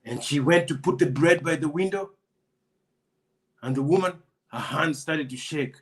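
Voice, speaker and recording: A male storyteller narrating a folk tale with unhurried, deliberate pacing. He repeats phrases for rhythm and puts questions to his audience. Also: a little high. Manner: repetitive, call-and-response delivery.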